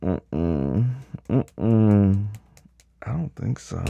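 Casting: low, gravelly, husky man for a slow, commanding role-play, drifting into whispers. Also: sing-song, mellow, muffled recording, a little hiss or hum. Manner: commanding and teasing; drops to a whisper at times. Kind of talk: dominant audio role-play.

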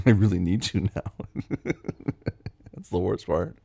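A man performing an intimate audio role-play, murmuring low and teasing, often breathy and drifting into soft whispers. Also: slow, dry recording.

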